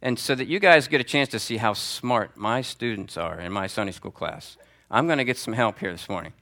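A man teaching a Sunday school class, talking conversationally and calling on students by name, with lively swings in pitch for emphasis. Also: brisk. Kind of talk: teaching sermon. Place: church classroom before a group.

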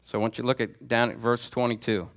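A man teaching a Sunday school class, talking conversationally and calling on students by name, with lively swings in pitch for emphasis. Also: fast talker. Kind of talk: teaching sermon. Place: church classroom before a group.

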